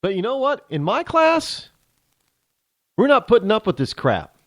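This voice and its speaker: Talk show host guy going off, high voice bouncing all over, dry close sound. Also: wildly swooping pitch, unhurried, no room sound. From United States. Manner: ranting, sarcastic. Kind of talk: opinionated monologue.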